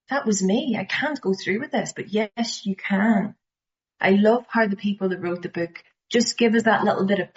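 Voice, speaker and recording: Northern irish woman leading a study group, slow emphatic talk, drops almost to a whisper, kinda muffled recording. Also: medium pitch. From Northern Ireland. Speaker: recovery meeting speaker.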